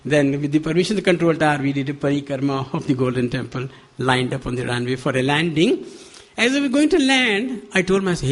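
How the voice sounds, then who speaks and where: An older man with an Indian accent, giving a spiritual talk at a devotional center, animated and laughing often as he acts out quoted dialogue. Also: a little high, fairly quick. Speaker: guest speaker.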